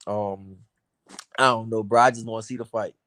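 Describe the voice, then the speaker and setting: A man's voice: on the low side, steady tone, moderate pace, a bit bright, no echo. A man with an American accent, a boxer chatting casually and slangily as a guest over a remote call. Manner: laid-back, slangy, "you know what I'm saying" fillers. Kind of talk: casual chat.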